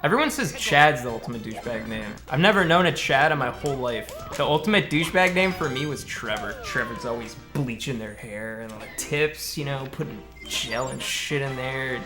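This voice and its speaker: A young man live-streams a speedrun, chatting with viewers in a blunt, profane, joking way, with game music playing clearly underneath. His medium-pitched voice is animated, at a moderate pace with hardly any pauses.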